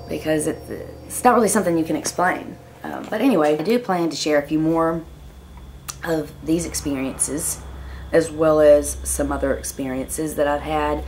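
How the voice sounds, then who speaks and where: A woman talks straight to camera. She tells her story casually, stopping and restarting often with fillers. A faint background noise sits under her voice. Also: deep voice. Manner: chatty, hesitant, many fillers and restarts. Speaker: vlogger.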